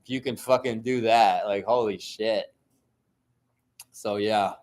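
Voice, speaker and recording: A man's voice: fairly low pitch, fairly even intonation, takes it slowly, darkish tone. A middle-aged man, a tattoo artist, telling stories in a rambling, profane solo monologue full of fillers.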